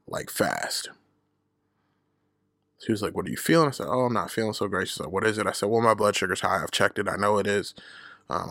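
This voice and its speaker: A man hosts his own podcast and tells a personal story in a relaxed, profane way. His voice is low and gravelly, and it swings up and down as he acts out the people he quotes. The sound is dry and close, with no room echo. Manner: profane, candid, laughs at himself. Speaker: podcast host. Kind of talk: casual storytelling monologue.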